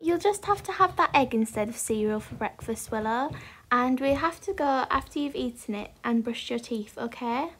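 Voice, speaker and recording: Woman as a gentle, coaxing mother; higher voice, toy role-play. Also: lively intonation, normal speed, breathy edge. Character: caring mother hurrying her daughter.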